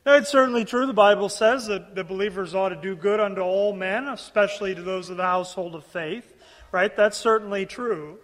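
A high-pitched male preacher delivers an expository sermon. He reads scripture and then explains it earnestly, repeating words as he reaches for each point. His voice rings out with a long hall reverb. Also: fairly quick, fairly bright tone.

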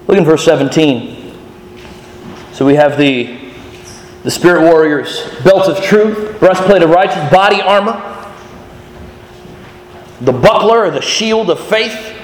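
High-voiced preacher in an echoey hall. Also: male voice, measured pace, long pauses. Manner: animated, questioning the audience, restarts. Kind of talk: sermon to children. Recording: echoey hall with faint noise.

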